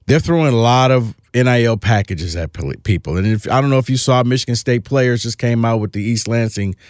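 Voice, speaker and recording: A man's voice: mid-range voice, a little fast, a little mellow, no room sound. Man, sports podcast co-host, opinionated, emphatic, casual, dry studio sound. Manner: opinionated, emphatic, restarts phrases.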